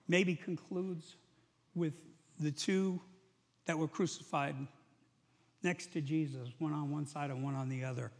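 A middle-aged male preacher with a gravelly, fairly high-set voice. He speaks in an easy, conversational sermon style, weaving scripture into casual asides. The sound carries the long echo of a large hall. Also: a little mellow. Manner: conversational, paraphrasing scripture with acted quotes. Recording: echoey hall.

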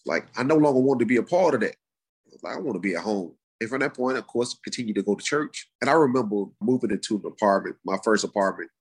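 A middle-aged man, telling his life story in a casual, animated way. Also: quick pace, slightly rough. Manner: animated, acts out quoted voices in high pitch. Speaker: guest sharing his testimony. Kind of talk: conversational storytelling.

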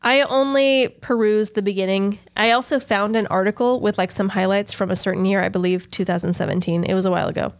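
A woman's voice: mid-range voice, fairly even intonation, fast talker, few pauses. A woman co-hosting a podcast, chatting casually and teasing with crude jokes and frequent giggles. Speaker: podcast co-host. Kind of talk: casual comedic chat.

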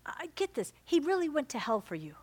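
A woman preaching to her congregation with a fairly high voice. She urges and exhorts, then drops to soft, close lines. Her delivery is a pastor's sermon, emphatic and personal. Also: big pitch swings, a little fast. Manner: emphatic, swings between loud exhortation and soft intimate lines.

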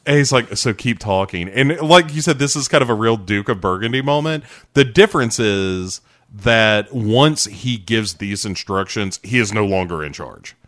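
A man with a fairly low voice talks through a TV scene in loose, playful podcast banter. He laughs often and acts out quoted lines. The sound is dry and close, with no room in it. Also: lively intonation, normal speed, few pauses, fairly bright tone, dry recording. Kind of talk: casual podcast chat recapping a show.

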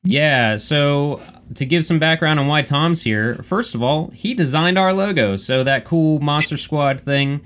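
A man's voice: a little high, measured pace, fairly bright tone. A man hosting a casual podcast chat, rambling with stumbling restarts and the odd swear. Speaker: podcast host.

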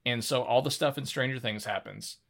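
A man's voice: mid-range voice, brisk, creaky, a bit bright. A man co-hosting a casual podcast discussion, easygoing and rambling, often laughing. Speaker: podcast co-host.

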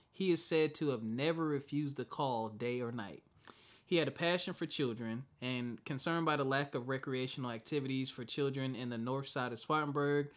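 A man's voice: medium pitch, fairly bright tone. Laid-back joking man, podcast co-host. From South Carolina. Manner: laid-back, joking, reads facts aloud with asides. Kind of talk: casual podcast chat.

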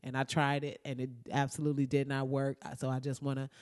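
A young woman in a casual reaction vlog, talking excitedly and profanely, laughing often and slipping into mock-outraged asides. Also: very deep voice, fast, no echo, clean studio sound. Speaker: vlogger reacting to a movie trailer.

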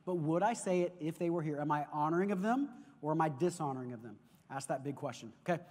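High-voiced preacher in a reverberant hall. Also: male voice, fast. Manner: animated storytelling preacher, repeats words. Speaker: pastor. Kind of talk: sermon. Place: church sanctuary. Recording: long reverb of a large hall.

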